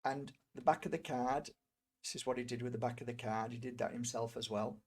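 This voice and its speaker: A man's voice: mid-range voice, steady tone, fairly quick. A middle-aged man from Britain, an energy healer, telling a personal story in a rambling way, with many fillers and restarts. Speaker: energy healer and tarot reader.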